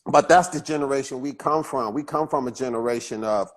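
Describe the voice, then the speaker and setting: A comedian from Chicago telling stories in a casual interview, animated and laughing, repeating words as he builds a point. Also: medium pitch, brisk. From Chicago, USA. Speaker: comedian guest.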